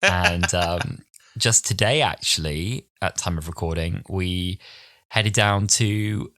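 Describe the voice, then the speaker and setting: A man's voice: low voice, slow pace, no echo. A man in his twenties from London, co-hosting a podcast in casual chat and acting out the people in his stories. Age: 20s. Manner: animated storyteller, acts out quotes. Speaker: podcast co-host.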